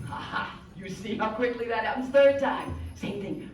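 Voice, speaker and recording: Energetic woman leading a drum workshop. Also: on the high side, fairly quick, hardly any pauses, loud music behind the voice. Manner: energetic, calls out prompts and cues to a group. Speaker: music educator leading a workshop. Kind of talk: interactive workshop instruction. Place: large conference workshop room. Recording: echoey hall from far off, with drumming. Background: hand drums and group playing.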